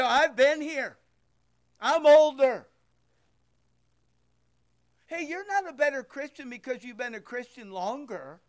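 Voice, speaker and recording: A man preaching a sermon, talking to his congregation in an emphatic, conversational way full of rhetorical questions. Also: extremely high pitch. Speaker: pastor.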